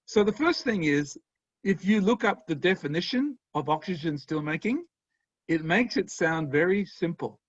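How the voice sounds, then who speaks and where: An Australian man with a somewhat high voice gives an enthusiastic university lecture over a video call. He sounds friendly and chuckles now and then. The sound is dry and slightly dull. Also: lively intonation, normal speed, no room sound. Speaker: guest lecturer.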